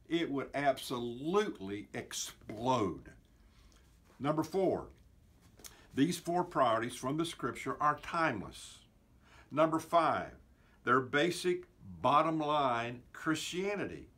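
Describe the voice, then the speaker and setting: A man's voice: medium pitch, a bit bright, slightly rough. An older man, a pastor, giving an earnest weekly teaching talk, counting off his numbered points with emphasis.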